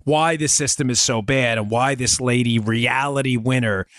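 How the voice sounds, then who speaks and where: A man's voice: medium pitch, fairly even intonation, normal speed, a bit bright, no room sound, clean studio sound. Emphatic, sarcastic man in his forties. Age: 40s. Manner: storytelling, addresses listeners as folks. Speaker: podcast host. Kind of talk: political commentary podcast.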